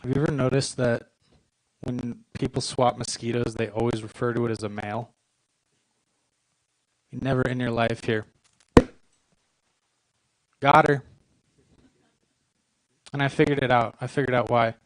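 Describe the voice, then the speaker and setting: A man in his twenties performing a stand-up comedy set on a club stage, with a deadpan, self-deprecating delivery and short punchlines. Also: medium pitch, a little fast, long pauses, dry recording, low-quality recording. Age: 20s.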